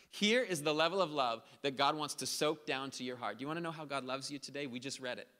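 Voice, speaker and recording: A man delivers a sermon from the pulpit, his voice bright and forceful and a little higher than most. He swells into emphatic, driving peaks and slips into the voices of the people he quotes. A long reverb trails his words through the hall. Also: expressive, fast, hardly any pauses. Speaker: pastor. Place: church hall.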